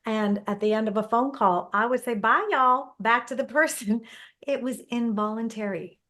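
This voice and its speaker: A woman's voice: a little high, steady tone, normal speed, a bit bright. Chatty woman hosting a podcast. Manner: chatty, personal anecdotes, laughs easily. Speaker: podcast host. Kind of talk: casual interview chat.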